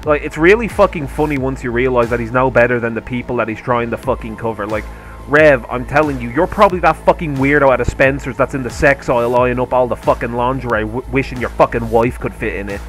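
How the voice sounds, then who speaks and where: A man's voice: mid-range voice, fast, a bit bright, faint music behind. A man hosting a commentary video, ranting heatedly and sarcastically with constant swearing. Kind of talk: angry rant commentary.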